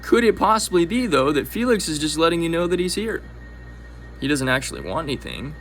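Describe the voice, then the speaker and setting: Man doing an earnest classroom teacher, light bright voice, upbeat lecture delivery. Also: fairly high pitch, very animated, a little fast, slight background noise, low-quality recording. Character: earnest upbeat male cat psychology teacher.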